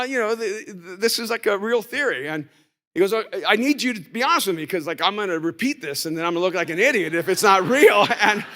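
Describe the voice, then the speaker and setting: A man preaching a conference sermon, telling a story that swings between soft talk and shouting, recorded live in a large hall. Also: high voice. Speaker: pastor. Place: large hall with long reverb.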